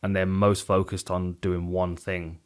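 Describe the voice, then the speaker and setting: A man with a very low voice talks through fight picks in a relaxed podcast chat. He often stops and restarts mid-sentence as he works through his thoughts. He sounds middle-aged and at ease. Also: measured pace, smooth. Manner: thoughtful, self-correcting, trailing off mid-sentence. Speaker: podcast co-host, fight analyst. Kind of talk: casual chat.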